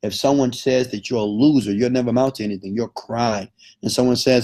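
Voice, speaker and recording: Emphatic, husky motivational speaker man. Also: medium pitch, steady tone, fairly quick, a little mellow. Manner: emphatic, keeps checking in with okay. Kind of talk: motivational lecture.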